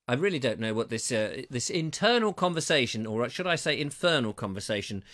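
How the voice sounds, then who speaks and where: Man, live show host, casual chat reading viewer comments, playful and teasing, very animated pitch. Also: fairly quick, hardly any pauses. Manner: playful, theatrical, mock-excited and teasing.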